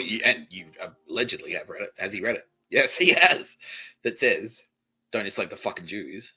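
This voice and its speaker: In a lowish, husky voice with the highs cut off, a podcast host delivers a comedic storytelling monologue. His rambling story is profane and full of impressions of other people's voices.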